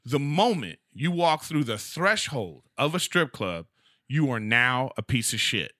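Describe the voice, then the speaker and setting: A man rambling in a casual podcast chat, full of fillers and self-interruptions. His pitch swings hugely between low mutters and high yelps, his tone is very bright and sharp, and the recording is dry and close. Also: very animated, unhurried, no echo.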